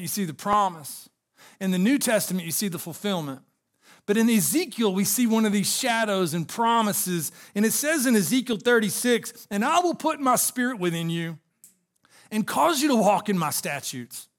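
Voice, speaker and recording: Male pastor, high-pitched, earnest preaching with personal stories. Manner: earnest, storytelling preacher addressing congregation. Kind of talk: sermon.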